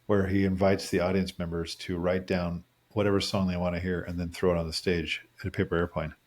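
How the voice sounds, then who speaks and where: Guy cohosting a chatty podcast, lowish voice, jokey, bounces around topics. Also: a little fast. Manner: jokey, jumps between random topics, animated swings in pitch. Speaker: podcast co-host. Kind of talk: casual chat. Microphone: studio microphone.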